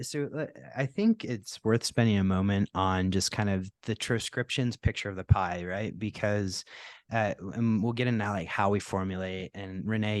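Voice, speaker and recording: A middle-aged man, a podcast guest, explaining his work in relaxed interview chat with a touch of self-deprecating humor. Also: low voice, no room sound, studio quality. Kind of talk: casual interview talk.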